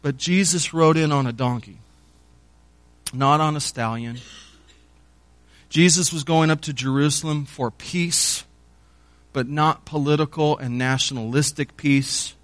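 A man's voice: fairly high pitch, unhurried, long pauses, fairly bright tone, no room sound. A man preaching a sermon in an earnest teaching tone, rising in force when stirred.

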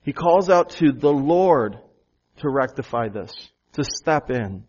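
A man's voice: medium pitch, animated, slow pace, darkish tone, slightly rough. A man preaching a sermon as pastor, asking the congregation rhetorical questions and repeating phrases for emphasis. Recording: dull, lo-fi sound.

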